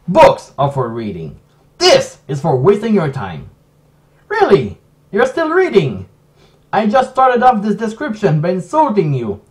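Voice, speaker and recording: A non-native English-speaking man voicing a sneering male narrator who insults the reader in a loud, mocking, exaggerated way. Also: high voice, recorded from a distance, full character voice. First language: not English.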